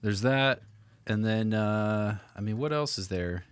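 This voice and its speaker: A man's voice: lowish voice, a little slow, smooth, no room sound. A young man co-hosting a podcast, laid-back and teasing as he tells stories in casual banter. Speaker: podcast co-host.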